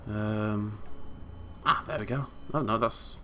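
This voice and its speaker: A man's voice: on the low side, steady tone, takes it slowly, bright, forceful tone, a little hiss or hum. A man giving playful, jokey gameplay commentary as a let's play host, humming tunes and making silly sound effects.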